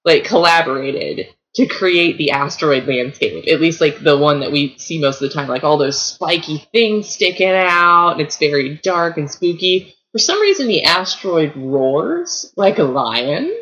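Thirtyish woman gabbing about a movie, lively, lots of likes and ums. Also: low voice, normal speed, hardly any pauses, muffled recording. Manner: animated, lots of fillers, acts out reactions. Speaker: podcast co-host. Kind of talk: casual movie review chat.

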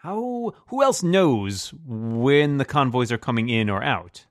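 A man's voice: mid-range voice, slow pace, no room sound, studio quality. A man playing a boastful bard. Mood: probing. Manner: grandiose, courteous, self-flattering. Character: boastful male bard, smooth and showy.

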